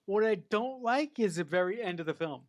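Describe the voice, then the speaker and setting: A podcast co-host, chatting casually and excitably about a film, swearing and trailing off mid-thought. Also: mid-range voice, brisk, dry recording, studio quality. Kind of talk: casual film review chat.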